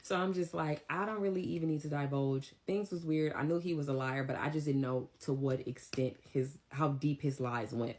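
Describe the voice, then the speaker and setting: A young woman telling a story in a casual vlog, blunt and animated, acting out the dialogue. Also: deep voice, normal speed, hardly any pauses.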